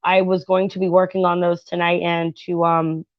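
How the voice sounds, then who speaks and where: A woman's voice: fairly low pitch, flat delivery, moderate pace, no echo, muffled recording. Chatty woman doing a home tarot reading. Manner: chatty, rambling, frequent fillers and asides to viewers. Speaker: tarot reader and channel host. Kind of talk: casual tarot reading chat with reality TV commentary.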